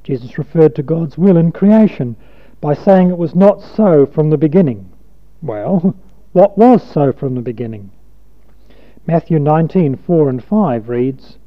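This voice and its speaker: A man's voice: on the high side, expressive, a little slow. Male preacher, emphatic sermon delivery, tinny lo-fi recording. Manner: emphatic, rhythmic wordplay. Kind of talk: sermon reading scripture.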